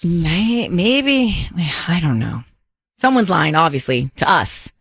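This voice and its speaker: A woman's voice: on the low side, very animated, takes it slowly, creaky, breathy edge, dry recording, clean studio sound. A woman co-hosting a morning radio show, chatting with a wry, skeptical manner. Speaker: radio co-host. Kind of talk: casual morning radio banter.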